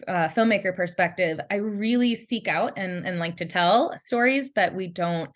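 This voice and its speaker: A woman in her thirties, a guest on a casual podcast interview, talking thoughtfully with frequent ums and soft laughs. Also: lowish voice, normal speed. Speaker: guest, brand storyteller and creative director.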